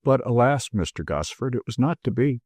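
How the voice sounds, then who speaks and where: A man voicing a stern gentleman who lays out a swindler's guilt in a commanding, ironic way. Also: medium pitch, lively intonation, a little fast, no echo, close to an everyday voice. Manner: commanding, ironic, building in force.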